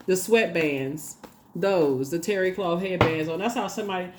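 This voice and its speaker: A woman giving a casual tarot reading, chatty and animated, laughing often and talking straight to her viewers. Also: fairly low pitch, moderate pace, a little hiss or hum. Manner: addresses viewers directly and casually. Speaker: tarot reader.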